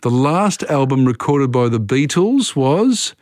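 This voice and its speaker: A man hosts a call-in radio quiz in a dry studio sound with no room around him. His pitch sits mid-range, and he talks casually, reading each question and then chatting it through. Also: sing-song, a little slow, darkish tone, no room sound.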